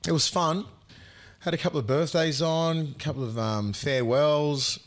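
An Australian man co-hosting a casual chat, relaxed and blunt, swearing as he gives his opinions. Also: on the high side, normal speed. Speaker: podcast co-host. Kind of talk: casual chat and sports talk.

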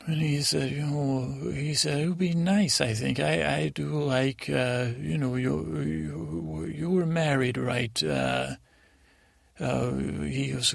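A man voicing a naive, dreamy young prince in a sleep story, rambling and halting with many restarts as he retells conversations. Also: medium pitch, gravelly, slightly rough, no room sound, clean studio sound, heavily acted. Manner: halting and rambling, full of restarts and retold dialogue. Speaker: podcast host.

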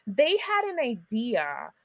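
A woman's voice: fairly high pitch, wildly swooping pitch, slow pace, no room sound. A woman guest on a podcast, chatting enthusiastically and swearing freely. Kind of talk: casual recap chat.

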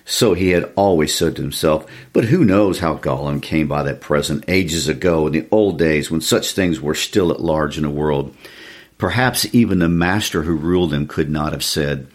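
A man's voice: extremely low pitch, normal speed. A man in an easygoing literary chat who chuckles as he talks and reads passages aloud. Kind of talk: casual literary discussion and reading aloud.

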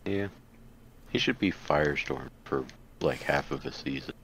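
A man's voice: a bass voice, unhurried, fairly bright tone, a little hiss or hum. A young man co-hosting a podcast, tossing in short quips and laughing often. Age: young adult. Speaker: podcast co-host. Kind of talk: casual pop-culture chat.

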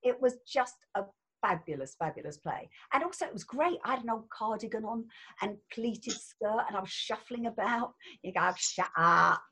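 An older actress chatting as an interview guest, effusive and laughing often, with a husky voice. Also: female voice, fairly high pitch, lively intonation, moderate pace. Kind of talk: casual interview chat.

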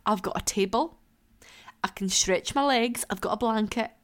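A woman's voice: medium pitch, moderate pace. A woman hosting her own podcast from her living room, talking in a candid, chatty way and laughing and swearing freely. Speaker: podcast host. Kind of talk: casual solo podcast chat. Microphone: laptop beside her.

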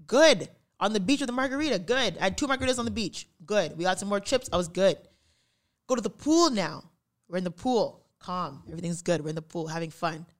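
A young woman co-hosting a podcast speaks briskly at a medium pitch. She's casually telling a story, full of laughter, and acts out the voices of those she describes.

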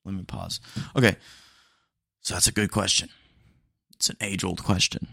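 A man's voice: low voice, moderate pace, gravelly, sharp tone, husky, dry recording, studio quality. A young man hosting a solo podcast, talking in a candid, rambling way with casual slang and small jokes. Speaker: podcast host.

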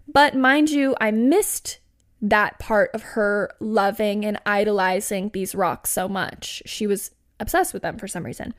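A woman's voice: mid-range voice, a little slow. A woman in her twenties hosting a podcast, chatting through a funny personal story with lots of "like" and laughs. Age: 20s. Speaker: podcast host. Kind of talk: casual storytelling.

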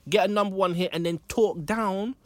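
A British man talks through his views in a relaxed discussion, building each point on a story or an example. His voice sits a touch high and sounds slightly cracked. The sound is dry and close. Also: moderate pace, no echo. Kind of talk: casual discussion.

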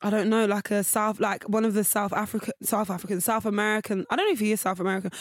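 A woman's voice: mid-range voice, steady tone, dry recording, studio quality. Rambling young woman co-host. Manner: rambling, quick to laugh, casual swearing. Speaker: podcast co-host. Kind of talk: casual chat.

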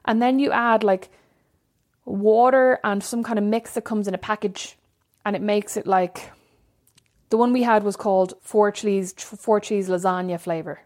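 A woman in a relaxed podcast chat, telling meandering stories with lots of fillers. Her voice sits in an ordinary middle pitch. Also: unhurried. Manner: chatty, rambling storyteller. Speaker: podcast co-host. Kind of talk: casual chat between sisters.

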